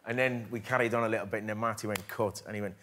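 A man's voice: fairly low pitch, fairly even intonation, very fast, a bit bright, slight background noise. A man with a Liverpool accent, a guest on a TV chat show, telling stories with frequent laughs. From England. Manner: laughing storyteller, self-deprecating. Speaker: actor guest. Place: TV studio with audience.

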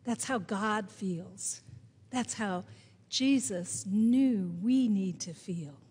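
Slow-speaking woman pastor in a reverberant church. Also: mid-range voice, mellow, husky. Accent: Midwestern American. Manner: storytelling, slow and deliberate with emphatic rises. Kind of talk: sermon. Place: church sanctuary. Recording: long hall reverb in a church.

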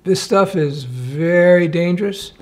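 A man's voice: sits high, a little slow, darkish tone. A man hosting a casual live-stream Q&A, reading chat questions aloud and answering with wry asides from his home office.

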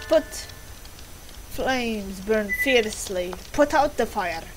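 Slow-talking woman playing a horror game. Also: medium pitch, lively intonation, poor audio. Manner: laughs often, swears, reads game text aloud. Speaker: let's play gamer. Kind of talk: casual gaming commentary. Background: game music.

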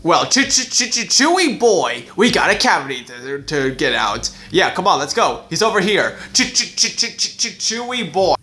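Guy doing a rowdy old cowboy toy, drawly, stammery, kinda high, puppet show bit. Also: very animated, normal speed, hardly any pauses, sharp tone, full character voice. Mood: boastful. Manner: drawling, stammers "ch-ch-chewy boy".

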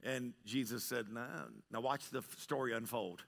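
A middle-aged pastor preaching a dramatic sermon, swinging from loud to hushed and often asking "right?". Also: male voice, mid-range voice, steady tone, normal speed. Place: church sanctuary.

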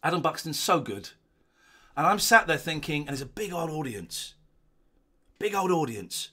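A man's voice: big pitch swings, normal speed, pushed and bright, slightly rough. A middle-aged man, giving rambling, chatty commentary while watching an old show in his living room at home. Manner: rambling, chatty, drifting into low asides. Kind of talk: casual watch-along commentary.

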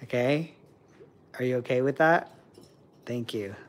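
A man hosting a casual stream, chatting with viewers and talking to his pet birds in soft, doting baby talk. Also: mid-range voice, a little slow, slight background noise. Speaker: livestream host with pet birds. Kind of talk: casual chat with pets and viewers.

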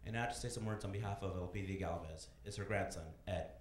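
A man doing stand-up comedy, telling profane, animated stories on a club stage. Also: deep voice, fast talker. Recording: echoey club with audience noise.

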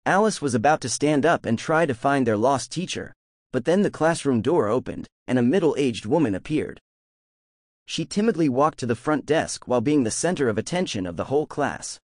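Male narrator for a novel audiobook, lively reading, dry booth sound. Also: medium pitch, moderate pace, dry recording.

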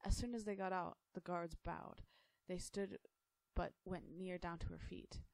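A woman narrating a storybook aloud in a steady, plain storytelling way. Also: fairly low pitch, measured pace, vocal fry, no room sound, poor audio.

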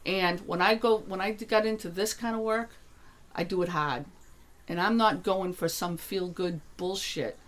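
A woman's voice: lowish voice, fairly even intonation, measured pace. A woman talking about her spiritual work in a casual conversation, blunt and emphatic, swearing freely as she gets heated. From New Hampshire. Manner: grows heated and insistent. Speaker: author and energy worker guest.

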